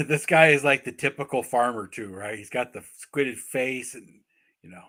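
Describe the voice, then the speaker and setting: A man's voice: mid-range voice, normal speed, bright, forceful tone. A man co-hosting a podcast, dropping short agreeing remarks and wry jokes in casual chat. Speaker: podcast co-host.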